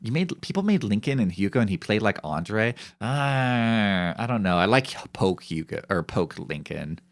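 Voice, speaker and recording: A man's voice: fairly low pitch, lively intonation, moderate pace. A young man streaming, chatting casually in rambling, profane, joking banter. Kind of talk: casual chat on a live stream.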